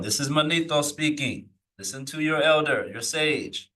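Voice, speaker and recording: A man teaching a live lesson, reading old texts slowly aloud and then explaining them in loose, searching asides. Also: a little high, pushed and bright, recorded from a distance, poor audio. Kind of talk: live recorded scripture lesson.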